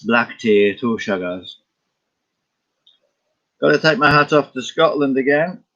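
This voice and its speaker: A man's voice: medium pitch, expressive, takes it slowly, fairly bright tone. Man musing aloud on slightly dull audio. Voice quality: musing, wandering, self-correcting. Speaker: vlogger and painter. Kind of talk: casual rambling vlog talk.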